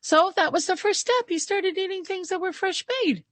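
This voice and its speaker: A woman naturopathic doctor telling lively stories in a casual podcast chat, acting out the people she quotes. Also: very high voice, normal speed, no echo.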